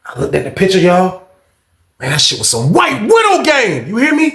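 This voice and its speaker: Brief: a man spinning a casual story, lively and slangy, slightly high voice. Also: moderate pace, vocal fry, echoey room, crowd noise. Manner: animated, slangy, swings into loud acted-out quotes.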